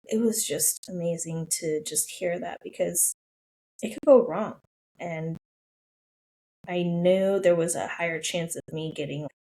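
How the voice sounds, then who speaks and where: A woman's voice: on the low side, gravelly, darkish tone, low-quality recording. A woman in her thirties hosting a solo podcast, telling a personal story in an emotional, gushing, casual way. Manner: emotional, gushing, with lots of "I was like". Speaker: podcast host.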